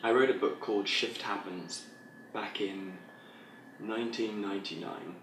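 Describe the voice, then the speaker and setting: A man, an author, speaking in a measured, deliberate way. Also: lowish voice, fairly bright tone, a little hiss or hum. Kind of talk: interview answer. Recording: roomy echo, mic at a distance.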